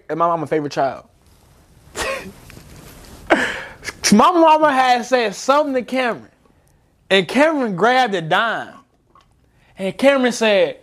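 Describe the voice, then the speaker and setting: This is a young man with a notably high-pitched voice, chatting casually among friends. He tells his stories with animated energy and breaks into laughs as he goes. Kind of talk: casual chat.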